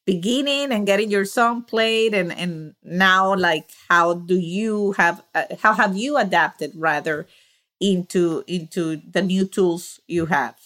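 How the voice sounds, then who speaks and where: A woman hosting an interview who asks casual questions in a halting way, restarting with fillers. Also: on the low side, a bit bright. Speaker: podcast host.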